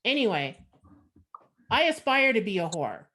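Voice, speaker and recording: Canadian woman doing blunt deadpan standup on a video call, lots of "you know"s, middling pitch. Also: unhurried. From Montreal, Canada. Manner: frank, sardonic, conversational with many fillers. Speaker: stand-up comedian. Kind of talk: stand-up comedy set over video call.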